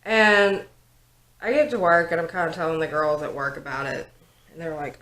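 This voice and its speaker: A woman's voice: lowish voice, expressive, normal speed, a bit bright. Chatty young woman, echoey room. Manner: chatty storytelling with lots of likes and ums. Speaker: vlogger, 911 operator. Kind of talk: casual get-ready-with-me chat. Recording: roomy home recording.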